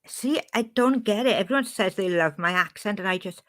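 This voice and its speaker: A woman's voice: mid-range voice, fairly quick, fairly bright tone. Chatty Welsh woman streaming live. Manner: chatty, reads and answers chat. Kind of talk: casual live-stream chat.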